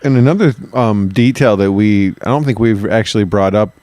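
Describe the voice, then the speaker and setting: A man co-hosting a history podcast, cutting in with blunt, curse-laden reactions and questions. His voice sits low, and the recording is dry and close. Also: a little mellow, no room sound. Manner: blunt, swearing, interjecting with quick reactions. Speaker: podcast co-host. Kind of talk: casual podcast chat.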